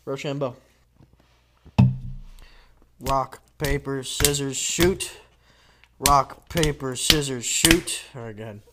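A man's voice: mid-range voice, slow, long pauses, very noisy. A young man hosting a casual podcast chat, joking, teasing and swearing a lot. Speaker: podcast host.

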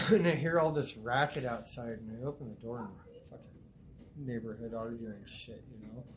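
A man's voice: mid-range voice, normal speed, a little hiss or hum. A man co-hosting a podcast, telling stories in casual, profane chat. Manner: profane animated storytelling. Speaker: podcast co-host.

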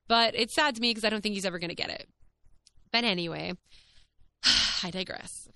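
A woman's voice: mid-range voice, normal speed, long pauses, bright, forceful tone, clear, resonant tone. A young woman, candidly telling her own story on her podcast in a chatty, swearing, filler-heavy way. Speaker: podcast host. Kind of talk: casual monologue.

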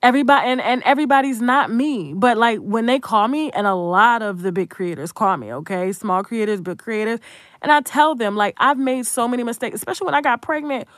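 A woman's voice: a little high, a little fast, no echo, studio quality. A young adult woman content creator giving a blunt, profane, emphatic commentary rant.

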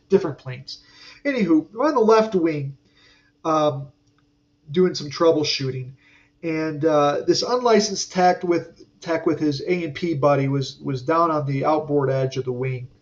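A man hosting a podcast about aircraft maintenance, telling a story in a rambling, profane, casual way full of asides and fillers. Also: fairly high pitch. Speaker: aircraft mechanic podcast host. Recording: dull sound from a distant mic.

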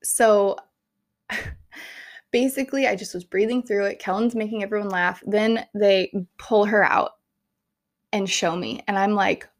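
A young woman talks straight to her viewers in a chatty vlog, telling a personal story with lots of animation. Her pitch sits in an ordinary middle range, and she fills her sentences with "like" and excited little exclamations. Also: measured pace, long pauses. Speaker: vlogger sharing a birth story.

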